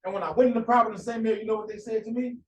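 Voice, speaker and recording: A male preacher delivers a fiery sermon in a fairly high voice. He presses his points with rhetorical questions and repeated phrases. The sound is echoey and set back from the mic, with a faint room hum behind him. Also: fairly even intonation, rapid-fire, distant mic, dull audio.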